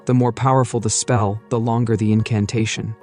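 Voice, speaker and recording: A man voicing a bright, loyal young woman companion in a plain, friendly way. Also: on the low side, little pitch movement, a little fast, faint music behind, natural voice.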